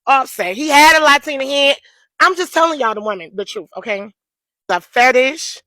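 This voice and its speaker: A woman's voice: high-pitched, expressive, normal speed, bright, forceful tone, no room sound. A woman giving a blunt, slangy opinion rant to camera.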